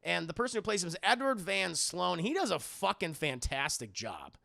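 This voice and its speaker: A man giving a rambling, profane, animated spoken film recap as a streamer. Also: sits high, normal speed, vocal fry. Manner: rambling, profane, animated, many fillers and restarts.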